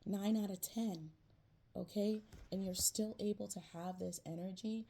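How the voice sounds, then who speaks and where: A woman's voice: mid-range voice, steady tone, normal speed, vocal fry, mellow, slight background noise. A woman giving a casual tarot reading to her viewers, chatty and slangy, checking in with "right?" again and again. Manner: chatty, repeats "right?" and "you know", slangy "man" and "yo". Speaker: tarot reader. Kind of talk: casual spiritual reading to camera.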